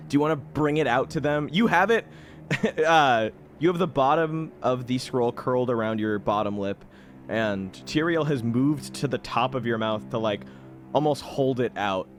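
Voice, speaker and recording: A man's voice: mid-range voice, moderate pace, soft background music. A man running a tabletop game as game master, narrating casually with rambling and frequent laughs.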